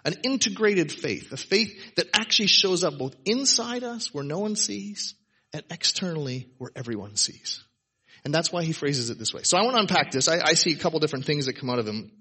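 A man's voice: a little high, lively intonation, brisk, pushed and bright, husky. A man preaching to his congregation in a casual, emphatic sermon, tossing in "right?" asides. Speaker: pastor. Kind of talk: conversational sermon. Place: church service before a congregation.

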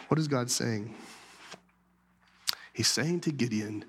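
A man preaching a sermon as pastor, animated and then dropping to soft whispers for emphasis. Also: medium pitch, takes it slowly, pauses often, husky, long reverb tail.

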